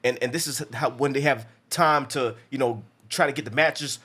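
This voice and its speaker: A movie review podcast host recaps a film casually, his mid-range voice fairly bright and slightly rough at a normal speed. He rambles, restarts often, swears a lot, and acts out quotes.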